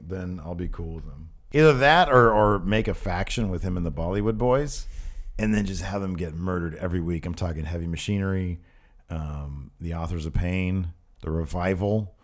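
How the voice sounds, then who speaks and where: A man's voice: low-pitched, moderate pace. A man co-hosting a podcast in casual chat, sarcastic and ranting freely. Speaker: podcast co-host.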